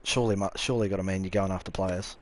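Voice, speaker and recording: A man's voice: deep voice, steady tone, racing, slight background noise. A young Australian man streaming a game live, chatting offhandedly with his viewers, swearing freely, and answering chat comments as they come in. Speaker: gaming streamer.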